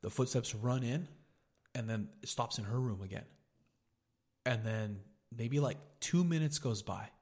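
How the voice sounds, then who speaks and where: This podcast host is a young guy with a mid-range, slightly rough and mellow voice who talks a little slowly. He tells his story casually, swearing and saying "dude" over and over.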